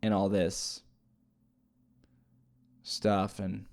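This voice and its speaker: A man's voice: sits low, monotone, extremely slow, vocal fry, darkish tone. A man casually retelling a movie plot as a reviewer, rambling and hesitant with many fillers and restarts. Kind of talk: casual spoken movie recap.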